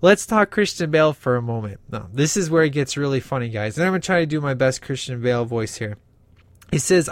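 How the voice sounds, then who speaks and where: A man's voice: mid-range voice, a little fast, no room sound. A man giving casual, sarcastic comedic commentary, answering viewer remarks. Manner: sarcastic and casual, says flippin'.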